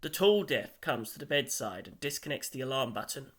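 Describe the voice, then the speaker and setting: Bright-voiced male audiobook narrator. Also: medium pitch, expressive, brisk. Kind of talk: scripted narration.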